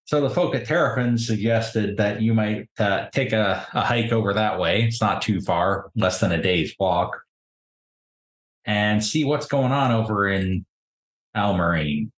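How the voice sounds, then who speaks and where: Low-voiced man narrating a tabletop game. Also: measured pace. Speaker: game master. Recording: roomy echo.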